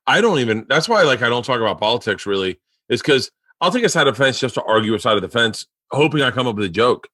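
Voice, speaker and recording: A man's voice: medium pitch, expressive, quick pace, few pauses, bright, forceful tone, no echo, clean studio sound. A man hosting a podcast, telling stories in casual, profane chat and laughing often. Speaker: podcast host.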